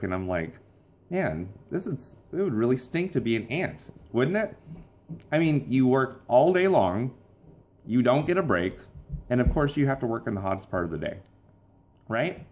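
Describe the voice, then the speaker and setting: Young male vlog host, playful and rambling, slightly low voice. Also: lively intonation, a little fast, darkish tone. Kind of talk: casual vlog monologue.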